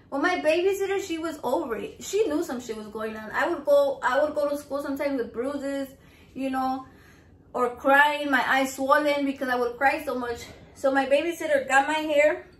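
A young woman vlogger telling a painful personal story in blunt, profane, emotional words. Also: sits high. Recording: echoey room.

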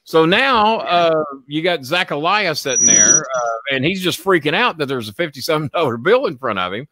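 A man's voice: a little high, sing-song, normal speed, pushed and bright. A man hosting a casual chat show, telling a long story in a rambling, profane way with lots of repeats. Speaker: show host.

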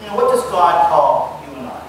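A man's voice: a little high, very animated, brisk. A male pastor preaching a conversational sermon and putting direct questions to his listeners. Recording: distant mic in a reverberant room with background noise.

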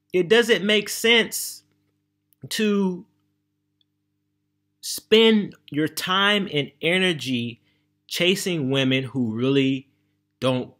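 An American man from the United States vlogs about travel and money in a casual monologue to camera. His mid-range voice is a bit bright, and he talks emphatically and conversationally, often checking in with his listeners.

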